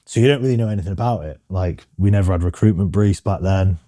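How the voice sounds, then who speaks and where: A British man in his thirties, a guest in a casual interview, speaks frankly with lots of ums and restarts. His voice is low, fast and warm, captured in studio quality with no room sound.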